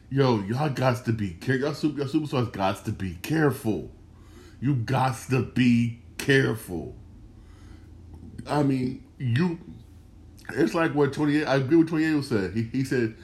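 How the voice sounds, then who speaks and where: A man's voice: medium pitch, darkish tone. Emphatic slangy man repeating himself. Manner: repetitive, emphatic, slangy, restarts phrases. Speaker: sports podcast host. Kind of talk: casual solo sports commentary.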